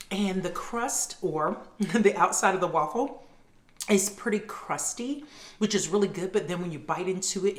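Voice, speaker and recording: A woman with a lowish voice hosts her own cooking vlog from her home kitchen, and the audio sounds roomy. Chatting casually while she cooks, she talks to her viewers as "you guys."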